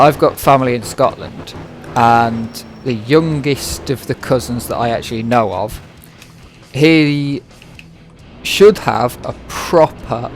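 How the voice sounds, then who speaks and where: Chatty English man on a headset. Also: mid-range voice. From England. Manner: rambling, chatty, pronounces words carefully. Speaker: gaming streamer. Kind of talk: casual chat while playing a game. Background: game music.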